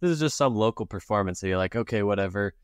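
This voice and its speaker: Exasperated male podcast co-host, low voice. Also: lively intonation, fast, smooth, no room sound, studio quality. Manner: exasperated ranting, mimics hype-man voices. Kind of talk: casual chat.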